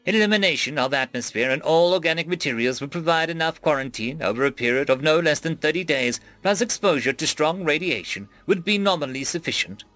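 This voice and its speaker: Mantu, a formal machine mind that speaks in flat, exact sentences, as a man reads him in a raised, bright, forceful voice. The sound is close and dry, with soft music underneath. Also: fairly high pitch, brisk, hardly any pauses, no echo, pitched above the performer's own voice. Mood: measured. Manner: flat, precise, formal phrasing. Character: formal male AI ship core, precise and calm.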